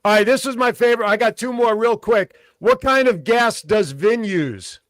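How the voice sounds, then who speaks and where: A man's voice: high-pitched, normal speed, fairly bright tone, no room sound. A man hosting a casual radio show, telling dad jokes and repeating each setup twice.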